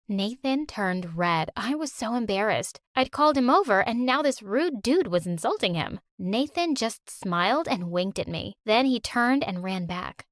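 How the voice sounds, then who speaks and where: A woman narrating an animated story in an expressive, youthful way. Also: medium pitch, normal speed, hardly any pauses, dry recording, studio quality.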